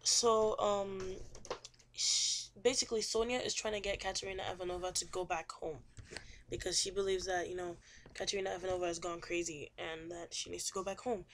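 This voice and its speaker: A woman's voice: lowish voice, flat delivery, a little fast, a bit bright, a little hiss or hum. A young woman casually retelling a novel chapter in a chatty, rambling way, full of fillers and repeats. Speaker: student summarizing a novel chapter. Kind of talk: casual spoken book summary.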